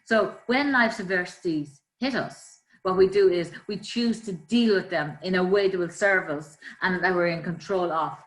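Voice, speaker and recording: A woman, a life coach, calmly explaining ways to manage stress with everyday examples. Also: fairly low pitch, normal speed, few pauses. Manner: calm, explanatory, gives examples. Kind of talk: conversational coaching talk. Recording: roomy echo.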